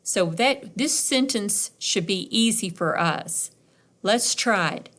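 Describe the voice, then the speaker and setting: A woman's voice: medium pitch, lively intonation, slow pace, a bit bright. A middle-aged woman teacher giving a recorded reading lesson for young children, patiently sounding out words.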